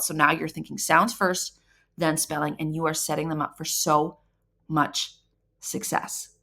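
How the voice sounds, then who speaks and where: A woman reading coach explaining to parents how to help children read, upbeat and encouraging, sounding out syllables slowly and clearly. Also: deep voice, flat delivery, sharp tone. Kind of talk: instructional talk to parents.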